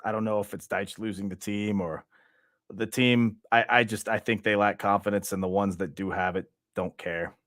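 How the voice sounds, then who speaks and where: A man's voice: lowish voice, steady tone, moderate pace, a bit bright, no room sound, clean studio sound. A young man from Louisiana hosting a fan channel, venting in an exasperated, repetitive way about his football team. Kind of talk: frustrated football fan monologue.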